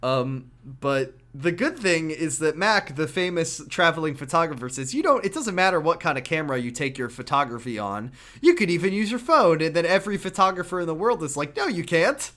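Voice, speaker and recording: A man co-hosting a podcast, chatting casually about a video game and acting out characters' lines in quick put-on voices. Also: fairly high pitch, lively intonation, bright, forceful tone. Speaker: podcast co-host.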